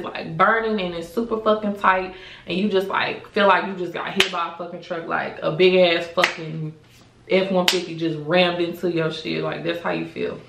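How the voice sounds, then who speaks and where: A woman's voice: mid-range voice, vocal fry, a bit bright, recorded from a distance. A young woman telling a story in a casual vlog, candid and profane, saying "like" constantly. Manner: candid and profane, heavy filler "like". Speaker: vlogger. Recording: roomy echo, voice set back from the mic.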